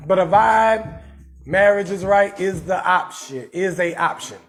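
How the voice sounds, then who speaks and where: A man's voice: high voice, lively intonation, slow pace, faint music behind. A man with a New Orleans accent hosting a live-streamed comedy talk show, rowdy and profane as he riffs on viewer comments and roasts them.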